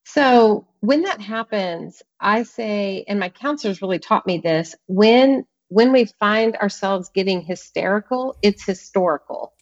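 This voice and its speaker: An earnest woman talks through hurt and anger as a podcast guest, leaning on emphatic repeats. Her voice sits at an ordinary middle pitch. The audio is a little dull and muffled, like a remote connection. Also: animated, measured pace, hardly any pauses. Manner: earnest, emphatic storyteller, repeats words for stress. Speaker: author and guest. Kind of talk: podcast interview conversation.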